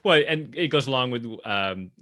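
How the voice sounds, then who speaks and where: A man's voice: mid-range voice, expressive, moderate pace, pushed and bright. A man hosting an interview, giving short affirmations, chuckling often and adding his own jokes. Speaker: host. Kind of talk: conversational interview.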